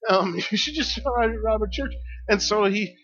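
A man's voice: high voice, normal speed, fairly bright tone. A man preaching a sermon as pastor, telling stories casually with lots of fillers and chuckles. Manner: chatty storytelling with many fillers and chuckles. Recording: dull lo-fi sound.

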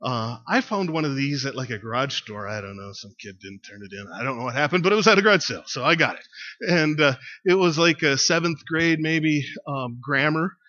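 A man's voice: mid-range voice, lively intonation, brisk, sharp tone. A male pastor preaching a sermon in a conversational way, with fillers and emphatic repeats. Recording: lo-fi dull recording.

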